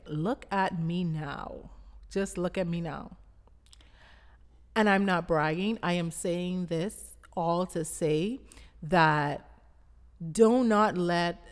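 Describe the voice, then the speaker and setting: A woman's voice: on the low side, long reverb tail. A woman with a Bahamian accent, a brand founder giving a motivational talk in an emphatic, repetitive, preaching cadence.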